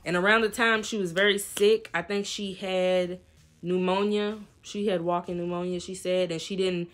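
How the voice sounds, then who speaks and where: A young woman vlogger telling a lively storytime in casual slang, acting out what people said. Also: on the low side, moderate pace. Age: young adult. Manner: animated, slangy storytelling with quoted voices. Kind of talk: storytime vlog.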